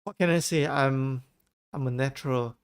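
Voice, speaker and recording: A man's voice: mid-range voice, normal speed, clean tone. A man streaming live, chatting casually while fumbling with his settings and repeating himself. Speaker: livestreamer. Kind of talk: casual livestream chat.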